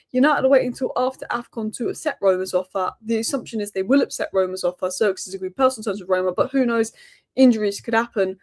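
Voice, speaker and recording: Woman rattling off football news fast, kinda high voice, very opinionated. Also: darkish tone. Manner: rapid-fire, opinionated. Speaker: football channel host. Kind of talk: daily football news roundup.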